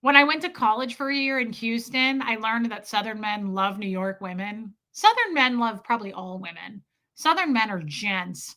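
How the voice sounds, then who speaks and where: A woman's voice: fairly high pitch, expressive, moderate pace, sharp tone. A woman chatting casually with viewers on a live stream, laughing often and greeting people by name.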